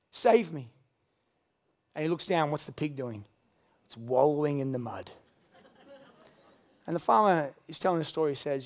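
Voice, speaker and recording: A man preaching a sermon, swinging between loud emphatic lines and hushed quiet ones. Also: fairly high pitch, animated, normal speed. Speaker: pastor.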